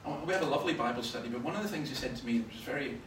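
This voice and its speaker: A Scottish man preaching a sermon, telling stories with sudden loud bursts of emphasis. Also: mid-range voice, rapid-fire. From Scotland. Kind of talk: sermon with anecdotes. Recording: roomy, from far off, faint noise.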